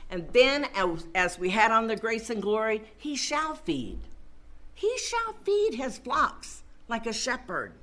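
A woman's voice: on the high side, very animated, slow pace, a bit bright. A woman preaching a sermon and reading scripture aloud, stressing her points by repeating phrases.

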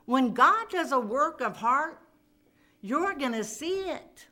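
A woman's voice: high voice, lively intonation, slow pace, sharp tone. A woman preaching a sermon, retelling a scripture story in an emphatic, dramatic way. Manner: emphatic, dramatic, acts out quoted voices.

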